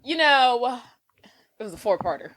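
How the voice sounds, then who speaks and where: A woman chatting casually on a podcast, telling stories in an animated, exclaiming way. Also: on the high side, normal speed. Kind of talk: casual chat.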